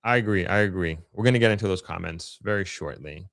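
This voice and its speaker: A man with a Long Island accent hosts a casual live stream, chatting and answering viewers. His voice sits on the low side, and the close microphone sounds dry, with no room echo. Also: fast, creaky, a bit bright. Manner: chatty, upbeat, reads viewer comments aloud. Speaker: livestream host reading chat.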